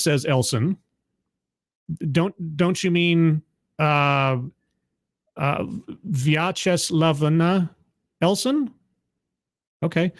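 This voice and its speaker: A man's voice: a little high, no echo, clean studio sound. A man hosting a stream, reading a news article aloud and commenting on it in a sardonic, rambling way, stumbling over names and restarting words. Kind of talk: casual commentary on a livestream.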